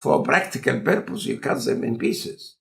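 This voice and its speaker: A man with an Egyptian accent and a non-native speaker of English, talking in a relaxed, conversational lecture style with deliberate, halting phrasing. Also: mid-range voice, gravelly. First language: Arabic. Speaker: scientist in conversation.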